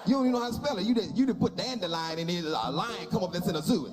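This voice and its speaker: Animated man telling a stand-up story. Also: sits high, rapid-fire, over music. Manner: animated, acts out dialogue in exaggerated voices. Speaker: stand-up comedian.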